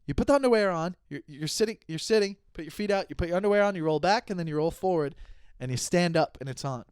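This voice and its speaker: Speaking at a quick pace, this thirty-something man rants on his solo podcast, sounding exasperated and funny as he repeats himself and restarts sentences with animated energy. His clean-toned voice sits high, and the studio-quality audio has no room sound.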